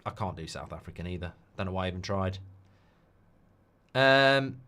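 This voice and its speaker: A man's voice: sits low, expressive, normal speed, bright, forceful tone, clear, resonant tone. A man hosting a live football watchalong stream, chatting off the cuff and answering viewer requests. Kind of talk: live-stream casual chat.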